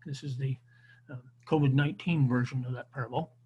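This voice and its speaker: A man's voice: mid-range voice, fairly even intonation, brisk, dark tone, husky, dull audio. A man teaching an online Bible class, lecturing unscripted with frequent restarts and fillers over a video call.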